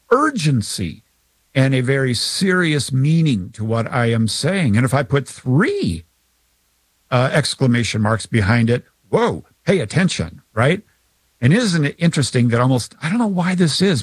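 A man with a mid-range voice explains scripture in a relaxed, conversational way. He acts out little examples as he goes. The sound is dry and close to the mic. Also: medium pitch, slightly rough, no echo. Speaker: scripture teacher. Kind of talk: explanatory talk.

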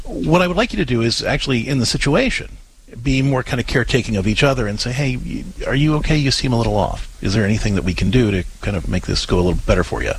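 A man's voice: medium pitch, expressive, a little hiss or hum, rough recording. A man co-hosting an advice show, talking earnestly with frequent restarts and stumbles. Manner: earnest, halting with many restarts. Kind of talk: casual advice talk.

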